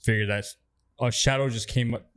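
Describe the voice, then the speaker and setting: A man's voice: medium pitch, fairly even intonation, normal speed, fairly bright tone, clean tone. A man on a podcast, telling a story in a laid-back, plain way. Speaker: podcast co-host. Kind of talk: casual storytelling chat.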